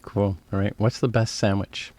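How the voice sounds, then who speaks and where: A man hosting a podcast interview, asking quick questions and reacting briefly. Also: fairly low pitch, little pitch movement, a little mellow. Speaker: podcast host.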